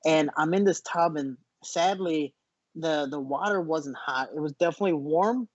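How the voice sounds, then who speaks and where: A man, a fighter guest in a casual interview, telling animated stories with lots of restarts, over muffled video call audio. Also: on the high side, moderate pace, no echo. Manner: animated storyteller, frequent restarts.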